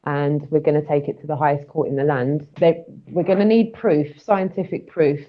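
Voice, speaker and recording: A woman's voice: low voice, steady tone, normal speed, narrow, tinny audio. A woman speaking earnestly, hesitating with fillers. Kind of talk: casual talk.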